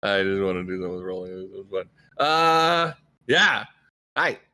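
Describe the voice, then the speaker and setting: A man's voice: sits low, lively intonation, unhurried, sharp tone. A man introducing himself as a player in a laid-back, rambling way with lots of fillers. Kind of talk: casual chat.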